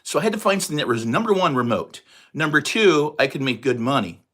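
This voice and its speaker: A man in his sixties with a New York accent, chatting casually and fast on a livestream. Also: on the high side, lively intonation, a bit bright. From New York area, USA. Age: 60s. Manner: fast, chatty, reads out viewer comments. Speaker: livestream host.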